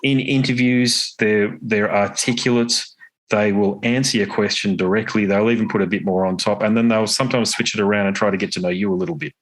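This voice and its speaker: A man speaks in a somewhat low voice as an interview guest. He tells long anecdotes in an easygoing, chatty way and laughs readily. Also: fairly quick. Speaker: podcast guest, guitarist and podcaster. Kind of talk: casual interview chat.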